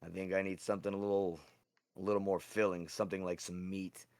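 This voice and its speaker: A man's voice: deep voice, little pitch movement, quick pace, a little mellow, no room sound, voice pushed down. A man voicing a hungry, brawny male lion warrior who grumbles lazily about food with a hint of menace.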